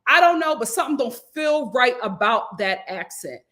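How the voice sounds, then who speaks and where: A woman hosting her own channel, reviewing reality TV in a casual, slangy, expressive chat that jumps high for emphasis. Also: normal speed. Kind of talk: casual vlog commentary.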